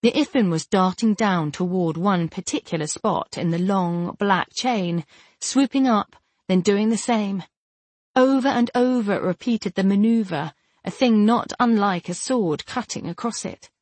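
Steady woman narrating a fantasy novel. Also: medium pitch, a little slow, no echo. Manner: steady, even storytelling. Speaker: audiobook narrator.

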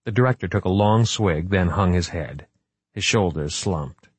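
Low, husky male audiobook reader, measured and even, close and dry. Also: no echo. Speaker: audiobook narrator. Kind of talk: scripted narration.

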